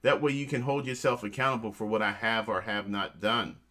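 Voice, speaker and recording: A man's voice: lowish voice, steady tone, brisk, pushed and bright. A man hosting a casual show, joking around and giving motivational tips, calling his listeners family. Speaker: host.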